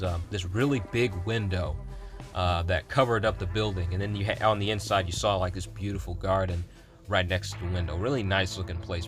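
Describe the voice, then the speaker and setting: A young man with a bright, forward voice rambles through a story for his gaming channel. He's animated and full of fillers and little laughs. Faint music plays behind him. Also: sits low. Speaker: gaming YouTuber. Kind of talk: casual storytelling vlog.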